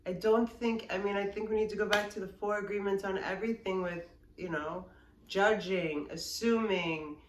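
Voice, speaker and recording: A woman's voice: mid-range voice, fairly even intonation, moderate pace. A woman in her forties talking casually to camera as a yoga vlogger, frank and rambling, with many fillers and restarts. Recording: roomy sound from a distance with faint background noise.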